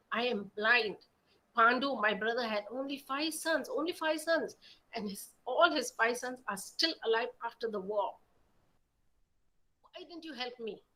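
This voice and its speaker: A woman's voice: fairly high pitch, pushed and bright, poor audio. Woman voicing a grieving old blind king. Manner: plaintive, accusing lament.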